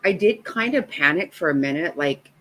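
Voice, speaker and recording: A woman in her fifties tells a story from her own life in a loose, rambling way, swearing as she goes. Her voice sits low for a woman but sounds bright and forward. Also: animated, moderate pace, rough recording. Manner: rambling, swears freely, laughs between lines. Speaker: vlogger telling a personal story. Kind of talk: casual storytelling.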